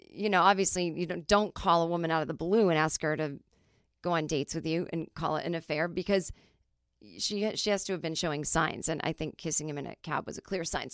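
A middle-aged woman hosting a podcast, telling stories in a chatty, animated way with lots of fillers. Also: fairly low pitch, clean tone, dry recording, studio quality. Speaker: podcast host. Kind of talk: casual comedic monologue.

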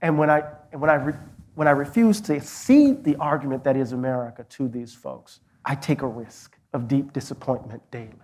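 A middle-aged man, a professor, appears as a guest in a live onstage conversation and tells a story with passion, often restarting his sentences. His voice is mid-range, slightly quick, and a bit mellow.

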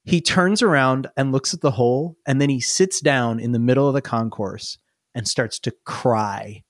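A woman's voice: rumbling low, normal speed, dry recording, clean studio sound. A woman narrating a tabletop game as game master, playful and laughing often.

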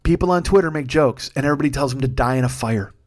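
A man in his forties, a comedian hosting his own show, ranting at length with constant swearing and sudden bursts of intensity. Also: mid-range voice. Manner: profane, fast ranting with bursts of raised intensity. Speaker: comedian podcast host. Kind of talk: solo comedic rant.

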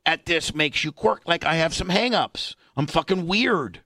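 Man, radio host, from Indiana, a touch high-pitched, dry close sound, rambling, swears a lot, self-deprecating. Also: expressive, normal speed, bright, forceful tone, no room sound. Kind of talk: casual storytelling chat.

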